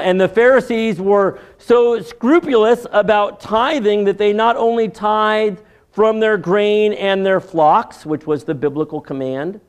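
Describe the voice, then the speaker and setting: High-voiced man preaching slowly. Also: smooth. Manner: measured teaching delivery with dry asides. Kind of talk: expository sermon.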